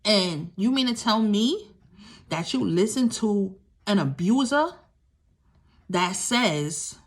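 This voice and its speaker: A woman's voice: medium pitch, animated, takes it slowly. A young woman, a survivor of domestic violence, tells her story to listeners in candid, emphatic talk, repeating key phrases and speaking straight to them.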